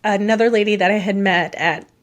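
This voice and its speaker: A woman's voice: mid-range voice, fairly even intonation, fairly quick. A middle-aged woman, a podcast guest, chatting casually with frequent laughs and fillers. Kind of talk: casual interview chat.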